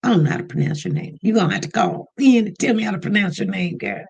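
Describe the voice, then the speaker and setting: A livestream host in casual chat, greeting viewers one by one by name in an easygoing, unhurried way and inviting them to call in. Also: mid-range voice, lively intonation, vocal fry, darkish tone, breathy edge.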